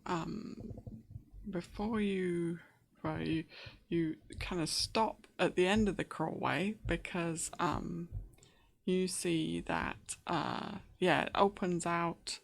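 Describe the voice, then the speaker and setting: Slow, gravelly woman game master. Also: lowish voice. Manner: hesitant, many fillers and restarts. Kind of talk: narrating a tabletop game.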